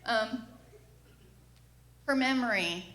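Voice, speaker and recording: A woman's voice: on the high side, extremely slow, a bit bright, roomy sound. A middle-aged mother giving a personal testimony at church, telling the story frankly and acting out what people said. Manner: candid storytelling, acting out the quoted lines. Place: church sanctuary.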